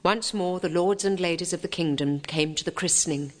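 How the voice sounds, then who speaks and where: A woman reading a fairy tale aloud with dramatic, expressive storytelling. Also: lowish voice, a little fast. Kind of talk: storybook narration. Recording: long reverb.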